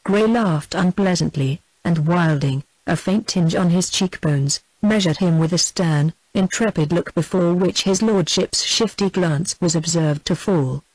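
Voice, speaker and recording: A narrator reading a historical novel aloud in a steady, even manner. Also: mid-range voice, a little slow, few pauses, no room sound, poor audio. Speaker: audiobook narrator. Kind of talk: scripted narration.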